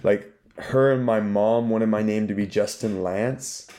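A man's voice: fairly low pitch, fairly even intonation, unhurried, warm tone. A young man hosting a casual podcast chat, laid-back and swearing freely, calling his guest bro. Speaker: podcast host.

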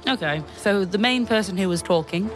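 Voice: medium pitch, fairly quick, music in the background. A player in a tabletop game, asking curious questions in casual chat.

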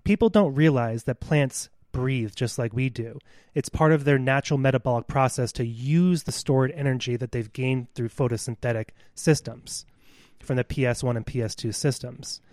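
A man's voice: medium pitch, normal speed, a little mellow, no echo. Man explaining soil science, dry sound. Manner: earnest, lecturing with scientific detail. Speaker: podcast co-host. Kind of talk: explanatory podcast talk.

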